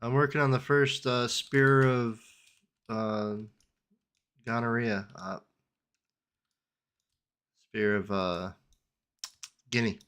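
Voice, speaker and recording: A man hosting a gaming debrief in casual chat, relaxed and joking, humming to himself between remarks. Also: medium pitch, slow pace, pauses often, clear, resonant tone.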